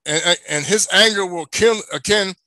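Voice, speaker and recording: A man's voice: high-pitched, normal speed, sharp tone, no room sound. A man preaching, emphatic, asking rhetorical questions and answering them himself. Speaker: religious teacher. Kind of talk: preaching to an online audience.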